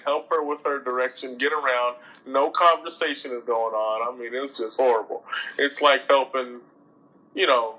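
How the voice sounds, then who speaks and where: Bright-voiced man telling a story casually. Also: mid-range voice, low-quality recording. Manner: animated, colloquial, exasperated retelling. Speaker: host.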